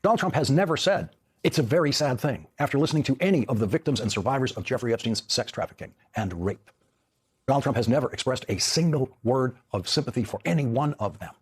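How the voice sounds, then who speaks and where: A man's voice: mid-range voice, expressive, quick pace, breathy edge. A man hosting a television news program, delivering an emphatic, pointed monologue. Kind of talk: broadcast monologue.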